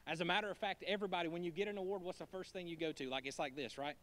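A pastor preaches to his church with a fairly high, light voice. He talks like a friend, cracking jokes, dropping to a hush and then pushing hard on a point. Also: very fast, hardly any pauses, slight background noise. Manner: conversational and joking, swinging from hushed to emphatic. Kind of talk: sermon.

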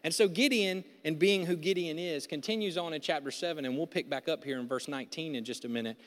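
A man preaching a sermon, telling a Bible story in animated, casual slang and acting out its voices. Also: fairly high pitch, fast. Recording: long reverb of a large hall.

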